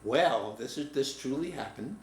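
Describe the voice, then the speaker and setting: A man in his seventies, a writing teacher, telling a personal story in a reflective, halting way. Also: medium pitch, animated. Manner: reflective, halting, restarts mid-word. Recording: roomy echo, faint room noise.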